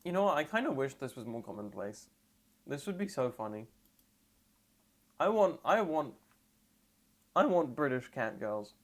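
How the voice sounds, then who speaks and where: A trans woman streaming live and reacting to memes, rambling and sarcastic with deadpan asides, and tired. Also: extremely low pitch, unhurried, long pauses.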